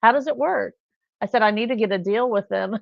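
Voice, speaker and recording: A woman's voice: on the high side, brisk, creaky, no room sound. A woman hosting a casual live chat, telling rambling everyday stories. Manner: chatty, rambling storyteller. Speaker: live stream host. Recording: dull lo-fi sound.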